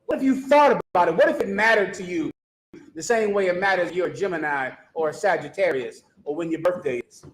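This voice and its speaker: A man with a fairly high voice delivers a street sermon, leaning on emphasis and sarcasm and pressing his listeners with rhetorical questions. The sound carries a strong echo from the space around him. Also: animated, fairly quick, a little hiss or hum. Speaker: street preacher.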